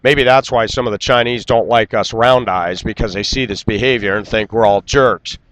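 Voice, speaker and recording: A man delivering an indignant, lecturing rant straight to camera and clearing his throat now and then. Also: on the low side, normal speed, fairly bright tone, a little hiss or hum, poor audio. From United States. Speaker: vlogger. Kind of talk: ranting monologue.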